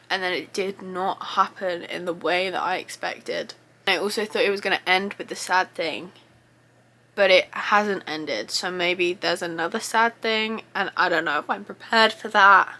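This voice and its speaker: Young female book vlogger, bright and forceful tone, gushing and chatty delivery. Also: on the low side, steady tone, normal speed. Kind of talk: casual reading vlog updates.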